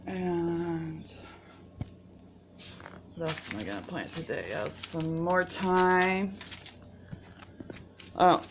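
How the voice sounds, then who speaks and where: A woman's voice: fairly low pitch, drawn-out words, long pauses, background noise. A woman gardening vlogger sounding stuffy and congested, chatting in a rambling, self-interrupting way outdoors in her garden. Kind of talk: casual chat.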